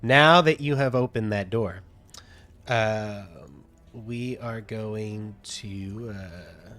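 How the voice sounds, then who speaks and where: A man running a tabletop game as game master, talking in a halting way with many fillers as he narrates scenes to his players. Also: lowish voice, a bit bright. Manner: halting, many fillers while reading out descriptions.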